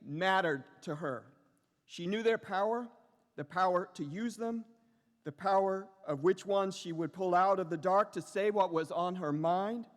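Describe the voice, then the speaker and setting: A middle-aged man giving a lecture as a professor, speaking slowly and reflectively with lyrical repetitions and pauses. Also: fairly high pitch. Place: large lecture hall. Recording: long reverb of a large hall.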